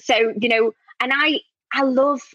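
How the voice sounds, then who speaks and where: Woman, northern English accent, thirties, chatty, laughs easily, somewhat high voice, dry close sound, slightly dull lo-fi recording. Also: steady tone, measured pace, fairly bright tone, no echo. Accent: northern English, Scouse-tinged. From northern England. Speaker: actor and podcast guest. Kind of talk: casual interview chat.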